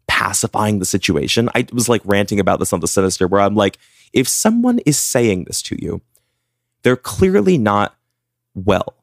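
Male podcast co-host, casual true-crime storyteller, low voice, chatty with "like" fillers, dry booth sound. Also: no room sound. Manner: chatty, filler-heavy retelling with "like".

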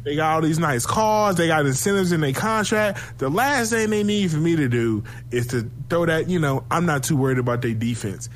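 A man chatting casually about football, animated and profane, telling stories and laughing often. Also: on the high side, moderate pace, few pauses, a little hiss or hum. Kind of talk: casual sports chat.

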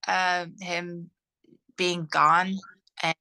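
A woman answering interview questions about her missing brother, hesitant and halting with many fillers. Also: fairly low pitch, little pitch movement, pushed and bright, clean tone, low-quality recording. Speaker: interviewee, sibling of a missing man. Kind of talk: recorded interview.

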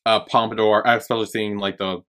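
A man co-hosting a podcast in relaxed casual chat, hesitant and easygoing. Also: lowish voice, brisk, clean tone. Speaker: podcast co-host.

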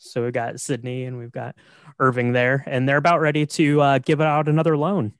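A man's voice: mid-range voice, level tone, a little fast, smooth, dry recording. A man co-hosting a podcast, steadily explaining a film's plot and often checking in with his partner. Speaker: podcast co-host. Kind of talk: casual chat recapping a film.

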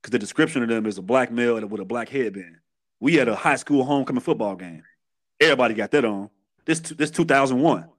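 Quick and expressive, at medium pitch, a Chicago-accented man in his thirties shares his history on a podcast. He's from Chicago, USA, and his account is candid and streetwise, repeatedly breaking off to restart.

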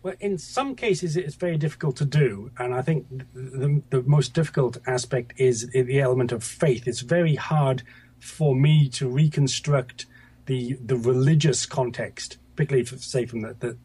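A man's voice: mid-range voice, normal speed, dark tone, husky. A middle-aged man from Scotland, a guest author talking over a video call, hesitant with many fillers and restarts.

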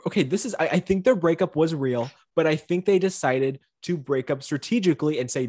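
A man's voice: fairly high pitch, brisk, few pauses, slightly rough, no echo, studio quality. A man co-hosting a podcast, teasing and arguing in a casual chat over a video call. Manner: teasing, animated, argumentative. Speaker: podcast co-host.

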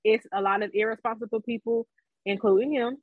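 A woman's voice: on the high side, steady tone, fairly quick, dry recording, phone-quality sound. A woman co-hosting a casual talk show, speaking bluntly, swearing at times and often restarting her sentences. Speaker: podcast co-host. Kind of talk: casual chat.

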